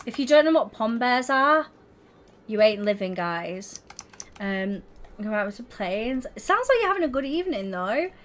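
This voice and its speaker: A woman's voice: a little high, big pitch swings, moderate pace, a bit bright, a little hiss or hum. A young woman streaming, chatting casually and giggling as she talks to her viewers. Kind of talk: casual livestream chat while gaming.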